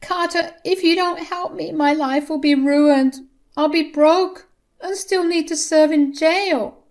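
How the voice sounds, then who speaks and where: A woman's voice: high-pitched, steady tone, takes it slowly, darkish tone, voice pushed up. A woman voicing a whiny, scheming older mother-in-law who pleads and wails. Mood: pleading. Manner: pleading, wailing.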